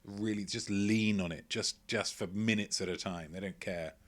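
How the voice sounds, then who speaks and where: Male quiz host, lowish voice, jokey and rambling, streaming from home. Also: steady tone, normal speed, fairly bright tone. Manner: playful, rambling, jokey asides. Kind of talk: live-streamed quiz hosting, reading chat. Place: at home, indoors.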